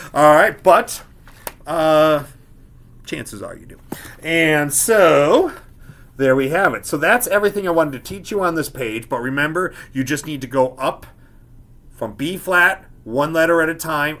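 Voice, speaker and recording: Man, music teacher, bright ringing voice, patient step-by-step explaining, beginner lesson. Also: a little high.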